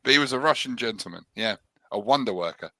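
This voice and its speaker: A man chatting casually on a live stream, animated and acting out little scenes. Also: mid-range voice, quick pace, no echo.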